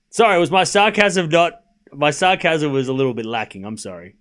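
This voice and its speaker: Man, stream host, casual tennis commentary, rambling, rhetorical questions, sarcastic, slightly high voice. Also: animated, a little fast, a bit bright.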